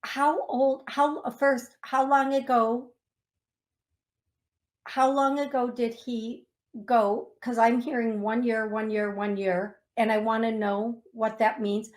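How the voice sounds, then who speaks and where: A woman hosting a call-in radio show as a psychic medium, speaking slowly and gently, sometimes getting emotional and reading listeners' messages aloud. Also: a little high, little pitch movement. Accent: Upper Midwest American.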